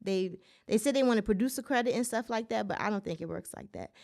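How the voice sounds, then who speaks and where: A woman's voice: mid-range voice, fast talker, gravelly, darkish tone. A woman hosting a solo podcast, ranting in casual commentary with incredulous, profane outbursts and speech. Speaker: podcast host.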